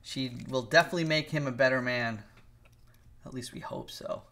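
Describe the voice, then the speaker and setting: A man's voice: mid-range voice, normal speed, pushed and bright. A middle-aged man streaming live as an animator, chatting casually and rambling while he draws, greeting and teasing viewers by name. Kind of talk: casual livestream chat while drawing.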